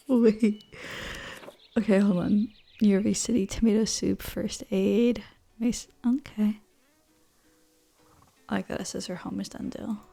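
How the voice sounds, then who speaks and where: A woman's voice: medium pitch, steady tone, takes it slowly, gravelly, long pauses, warm tone, soft background music. A woman chatting casually and giggling as she plays a horse game. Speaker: game streamer. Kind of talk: casual gameplay commentary. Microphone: desktop USB mic with pop filter.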